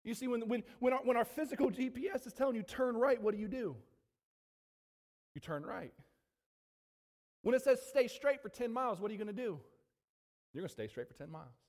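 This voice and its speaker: A man preaching a sermon to his congregation, animated, with frequent asides to the room. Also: sits high, fairly quick, long pauses, big-room sound. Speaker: pastor. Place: church sanctuary.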